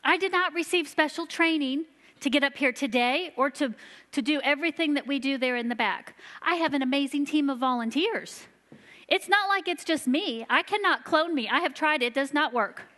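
A woman giving a sermon to a church, telling stories earnestly and slowing down for emphasis. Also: high-pitched, pushed and bright. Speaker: church children's ministry leader. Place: church sanctuary. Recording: long reverb of a large hall.

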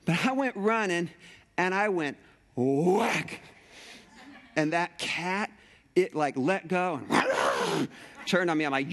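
A male pastor preaching a sermon, telling a personal story with animated energy and acting out the scenes. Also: high voice, slow, pauses often.

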